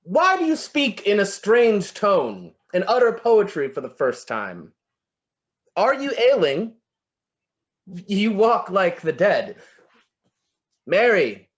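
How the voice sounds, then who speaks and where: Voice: medium pitch, very animated, takes it slowly, highs cut off. An actor playing a lovestruck, flowery Shakespeare. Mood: enraptured. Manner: florid, wooing, savoring words, muttering to himself. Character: lovestruck, flattering William Shakespeare, a playful poet. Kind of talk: amateur online stage play reading.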